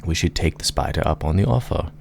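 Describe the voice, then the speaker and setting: A man's voice: very deep voice, expressive, quick pace, vocal fry, a little mellow, a little hiss or hum, exaggerated voice. A man voicing a curious young male hobbit, asking questions in a slightly raised voice.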